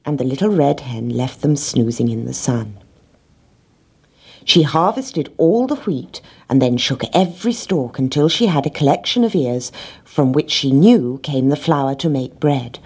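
Woman, children's story reader, gentle, expressive, low voice, husky. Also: a little slow. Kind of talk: reading a children's story aloud.

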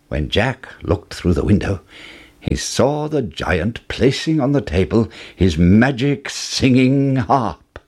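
A man narrates a fairy tale in a slow, unhurried storybook style. His lowish, husky voice rises and falls dramatically from hushed lines to big exclamations. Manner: expressive, dramatic reading.

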